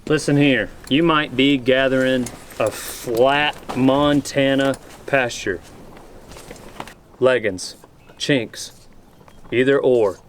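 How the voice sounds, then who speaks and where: A man with a drawl giving a mock-serious, deadpan comedic talk as a cowboy vlogger. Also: mid-range voice, a little hiss or hum.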